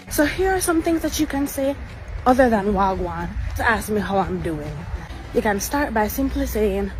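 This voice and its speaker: A woman with a Jamaican accent teaching everyday phrases, repeating each one slowly. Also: mid-range voice, animated, a little mellow, faint music behind, low-quality recording. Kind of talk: casual teaching clip.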